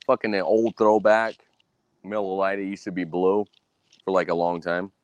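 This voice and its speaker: A man's voice: level tone, normal speed, no echo. A man hosting a solo podcast, ranting angrily and boastfully with constant cursing and repeating himself. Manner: mimics others in a high voice. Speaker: podcast host. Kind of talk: profane solo podcast rant.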